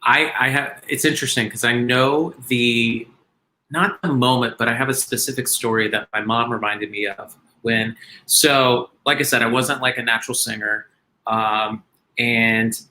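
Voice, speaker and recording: A man's voice: mid-range voice, steady tone, moderate pace, sharp tone, slight background noise, low-quality recording. A man talking casually on a video call, rambling and self-deprecating with lots of fillers and restarts. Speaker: guest performer.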